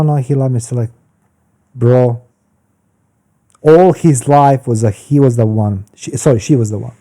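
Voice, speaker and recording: Male, 50s, dark warm voice, blunt animated podcast storyteller. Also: on the high side. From Croatia. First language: Croatian. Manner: animated, blunt, swears freely, broken grammar. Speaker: podcast guest. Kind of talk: candid storytelling in conversation.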